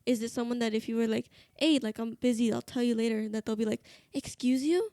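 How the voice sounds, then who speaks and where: A woman guest on a podcast, chatting casually and softly agreeing or asking quick questions. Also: on the high side, no room sound, studio quality. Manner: responsive listener, quick questions and soft agreement. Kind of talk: casual chat.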